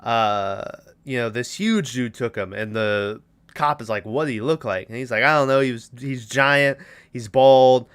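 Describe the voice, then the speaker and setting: A man with a bright, clean voice talks through a movie scene by scene in a loose, rambling podcast chat. He slips into quick put-on voices for the characters and keeps the story rolling. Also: medium pitch, clear, resonant tone. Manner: rambling retelling, acting out character lines. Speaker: podcast co-host. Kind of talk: casual movie recap.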